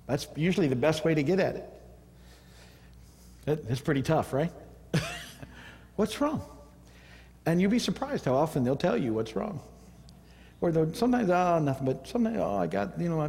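A man's voice: fairly high pitch, a little mellow. Man preaching conversationally in a reverberant church. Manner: conversational, rambling, with chuckles and acted-out dialogue. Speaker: pastor. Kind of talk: sermon.

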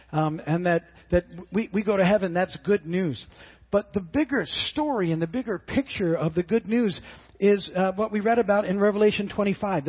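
A middle-aged man preaching a sermon as pastor, earnest and halting, often repeating his words as he restarts. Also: high voice, breathy edge, dull audio.

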